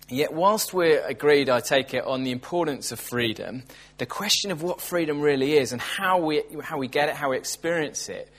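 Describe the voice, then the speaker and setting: A man preaches at a church service in an earnest, measured voice of middle pitch. He reads scripture aloud and then unpacks it with thoughtful, conversational asides. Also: fairly bright tone. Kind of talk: sermon with scripture reading.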